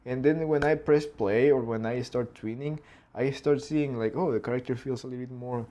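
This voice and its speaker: A man's voice: medium pitch, moderate pace, mellow. A man, thinking aloud as he animates and mimicking a dog's barks. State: hoarse throat. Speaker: animator streaming his work. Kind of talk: casual narrated work session.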